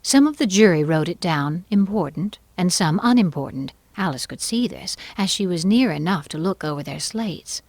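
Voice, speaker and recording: Woman narrator, audiobook, expressive, lower voice, dry. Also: moderate pace, hardly any pauses, no room sound. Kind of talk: scripted narration.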